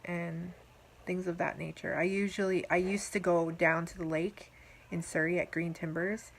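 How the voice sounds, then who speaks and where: A woman talking casually to her viewers in a rambling, gentle, affectionate diary vlog. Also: fairly low pitch, level tone, normal speed, gravelly, slight background noise, rough recording. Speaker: vlogger.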